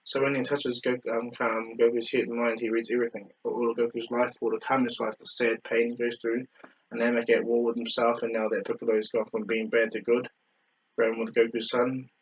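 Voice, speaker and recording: A husky-voiced man casually retelling a fan story, rambling and correcting himself as he goes. His pitch stays flat, and the lo-fi recording sounds dull. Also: fairly quick. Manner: rambling, with many fillers and self-corrections.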